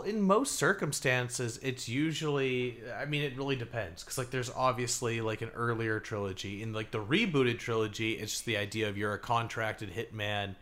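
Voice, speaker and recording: A man co-hosting a casual gaming podcast, talking loosely with lots of fillers and getting animated when he tells a story. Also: mid-range voice. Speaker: podcast co-host.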